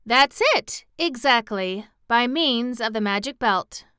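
A woman's voice: a little high, takes it slowly, bright, forceful tone, smooth, dry recording, clean studio sound, voice pushed up. A woman voicing a cheerful, confident little girl in an audiobook, speaking eagerly and reassuringly.

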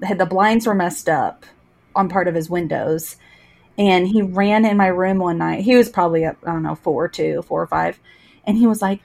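A woman in her thirties hosting a podcast and chatting with her guests. She talks in an easy, chatty way, laughs often and quotes what she said in her stories. Her voice sits at a middle pitch for a woman. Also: normal speed, creaky, a little mellow. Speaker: podcast host. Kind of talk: casual podcast chat, storytelling.

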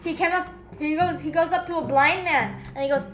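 A woman's voice: high voice, a little fast, soft background music. A woman in a casual family devotional talk, rambling and acting out the voices she quotes. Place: home.

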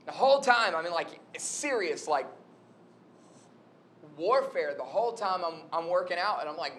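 Young guy preaching, chatty and storytelling, bit of hiss and rumble underneath. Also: unhurried, long pauses. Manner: conversational, storytelling, animated retelling. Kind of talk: sermon.

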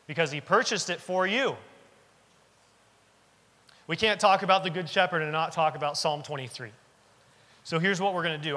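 Man in his thirties, pastor preaching, bright forceful delivery, long church-hall reverb. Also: a little high. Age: 30s. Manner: earnest, emphatic preaching with repetition. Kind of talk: sermon. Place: church sanctuary.

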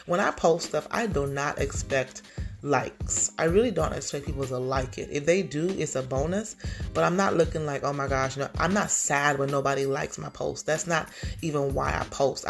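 A woman's voice: sits low, normal speed, vocal fry, faint music behind. A woman hosting a faith podcast, speaking in a heartfelt, emotional way that turns teary at times. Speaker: podcast host.

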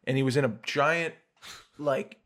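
A man hosting a podcast, telling a story in a casual, animated way with swearing and laughs. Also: on the high side, a little slow. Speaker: podcast host. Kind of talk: casual chat.

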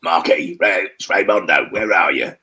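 A man's voice: low-pitched, animated, normal speed, bright, forceful tone. A man doing an impression of a cheery male friend from London, with a Cockney accent, calling out heartily. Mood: hearty.

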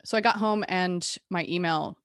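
A woman guest telling a personal story candidly, animated and frank, with restarts and the odd curse word. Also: lowish voice, moderate pace, no echo, studio quality.

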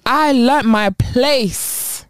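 A young woman with a British accent, co-hosting a casual podcast chat with friends and telling stories in a blunt, slangy, animated way. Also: a little high, drawn-out words, no room sound, studio quality. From England. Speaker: podcast co-host.

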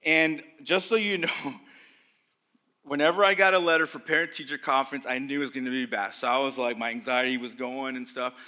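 A young adult man preaching a sermon as pastor, casual and conversational, with lots of "like" and quick asides to the congregation. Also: medium pitch. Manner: conversational, animated, acts out voices of religious leaders.

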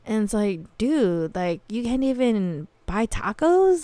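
A woman's voice: on the high side, very animated, a little slow, hardly any pauses, a little mellow, dry recording. A young woman telling a blunt, profane, slang-heavy story as a podcast host. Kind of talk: casual storytelling monologue.

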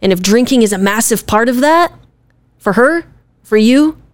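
A woman's voice: fairly high pitch, animated, moderate pace, no echo. Earnest woman co-hosting a podcast. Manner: earnest, emphatic, conversational. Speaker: podcast co-host, wife. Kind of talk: casual podcast chat.

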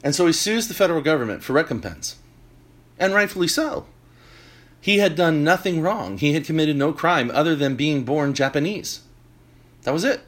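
A man hosting a talk show, delivering an animated opinion monologue with emphatic points and joking asides. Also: fairly high pitch, normal speed. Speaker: podcast host.

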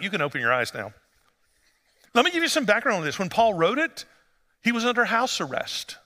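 Bright-voiced pastor in a reverberant church. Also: male voice, sits high, fairly quick, long pauses. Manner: conversational storytelling preacher, building to animated emphasis. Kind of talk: sermon.

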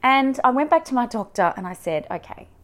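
Her voice on the high side and fairly quick, an Australian mother opens up about a personal story. She's emotional and candid, animated in the retelling, with plenty of fillers and restarts.

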